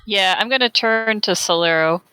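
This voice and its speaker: A woman's voice: medium pitch, moderate pace, bright, forceful tone, clear, resonant tone, no echo. A woman playing a tabletop game, stating her character's actions in a plain, matter-of-fact way. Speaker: player.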